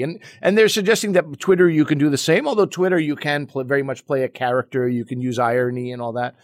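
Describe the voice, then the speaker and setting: A man who teaches comedy, talking in a relaxed, reflective way during a casual podcast conversation, with frequent "you know" asides. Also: mid-range voice, quick pace, few pauses, no echo, clean studio sound.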